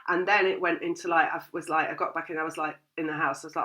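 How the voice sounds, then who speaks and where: Bright-voiced chatty woman tarot reader. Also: deep voice, steady tone, quick pace. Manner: rambling, chatty, laughs often; acts out the thoughts of her listeners. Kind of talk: casual spoken tarot reading.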